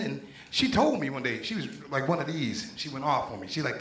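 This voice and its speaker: Brisk and barely pausing, a man from Pittsburgh with a fairly high, sharp voice does stand-up in a small comedy club. His profane, loose crowd work plays out in an echoey room full of audience noise.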